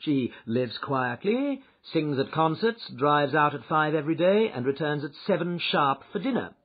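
On a dull, lo-fi recording, a man narrates an audiobook as a shrewd male detective, recounting his adventure in lively, wry fashion. His voice sits on the high side, the pace is moderate, and he sounds amused.

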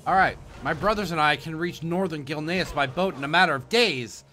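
A man voicing a determined male fisherman who is repairing boats, reading the game's dialogue aloud a bit louder than his usual talk. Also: fairly high pitch, a little fast, pitched above the performer's own voice. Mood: earnest. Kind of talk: reading game dialogue during a playthrough.

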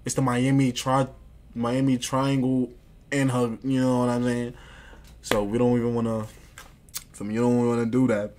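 Young male streamer, casual slangy boasting, repeats himself, mid pitch, faint background noise. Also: flat delivery, normal speed, pauses often. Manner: slangy, boastful, repeats phrases, often drops to a mutter. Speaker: livestreamer. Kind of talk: casual stream chat, reading and answering chat.

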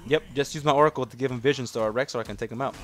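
A young man commentating his own gameplay, excitable and casual, yelling at teammates and swearing, then calmly explaining strategy. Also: medium pitch, rapid-fire.

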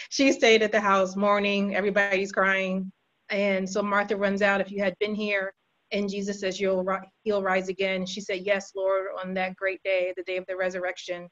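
A woman's voice: medium pitch, fairly bright tone. A woman casually retelling a Bible story to a group, chatty, with fillers and self-corrections. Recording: dull lo-fi recording.

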